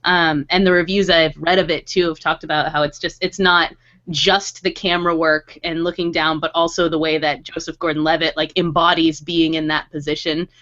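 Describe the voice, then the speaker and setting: A woman's voice: sits low, level tone, normal speed, a bit bright. A woman hosting a podcast, chatting casually and laughing often as she quotes people in playful voices. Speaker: podcast host. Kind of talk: casual chat. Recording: dull lo-fi podcast audio.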